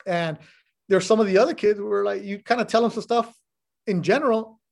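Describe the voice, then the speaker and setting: A middle-aged man with a fairly high-pitched voice talks casually as a guest on a podcast. He tells his stories bluntly and with plenty of animation, dropping the odd swear word along the way. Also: fairly quick, vocal fry. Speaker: sports broadcaster, podcast guest. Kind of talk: casual chat.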